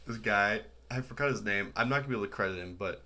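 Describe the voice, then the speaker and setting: A man's voice: lowish voice, fast, bright, forceful tone. A man co-hosting a casual podcast chat, rambling and laughing often as he talks. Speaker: podcast co-host.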